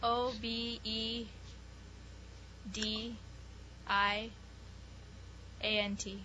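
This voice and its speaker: A woman's voice: on the high side, flat delivery, extremely slow, bright, forceful tone, a little hiss or hum. A woman contestant in a spelling game, tentative, spelling letter by letter. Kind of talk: spelling words aloud. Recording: muffled lo-fi recording with faint room ambience.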